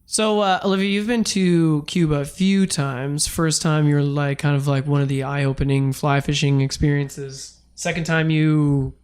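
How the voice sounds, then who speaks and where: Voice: mid-range voice, steady tone, normal speed, few pauses, darkish tone, smooth. Casual podcast host with loose phrasing. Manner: loose, lots of "like" fillers. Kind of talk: casual chat.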